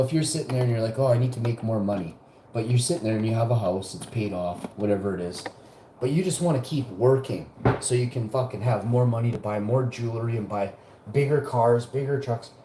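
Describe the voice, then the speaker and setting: A man's voice: medium pitch, dark tone, slight background noise. A man hosting a live show, ranting in a profane, combative and mocking way. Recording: roomy echo.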